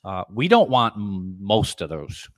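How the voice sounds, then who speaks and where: Low-voiced, dry podcast host. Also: male voice, very animated, a little slow, no echo. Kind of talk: casual chat.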